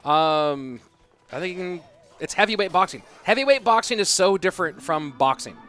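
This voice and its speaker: Slightly high-voiced male esports caster. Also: lively intonation, moderate pace, fairly bright tone, soft background music. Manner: loose and conversational, thinking aloud. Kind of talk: casual stream chat reading viewer questions.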